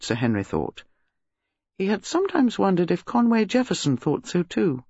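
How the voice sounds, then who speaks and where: Male narrator, scripted reading, lively pitch, dry dull lo-fi sound. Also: moderate pace, husky, no room sound. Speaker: audiobook narrator. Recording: dull lo-fi recording.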